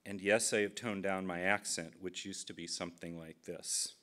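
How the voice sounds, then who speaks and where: A man's voice: deep voice, fairly even intonation, moderate pace, fairly bright tone. A man in his fifties, from Minnesota, giving a humorous keynote speech with dry storytelling and self-deprecating asides. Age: 50s.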